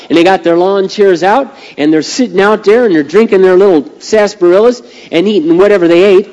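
A middle-aged man preaching a sermon with animated, folksy storytelling. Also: high voice, brisk, hardly any pauses. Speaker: pastor. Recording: long hall reverb.

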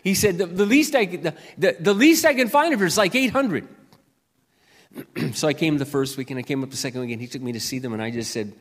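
A man preaching as a pastor, telling a personal story in an earnest way, then reading scripture slowly and loudly. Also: a little high, long reverb tail.

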